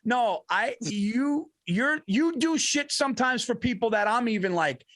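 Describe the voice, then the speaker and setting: A man co-hosting a comedy podcast, telling stories in an animated, profane way and laughing often. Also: very high voice, unhurried, no room sound, studio quality. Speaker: podcast co-host. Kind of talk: casual comedic chat.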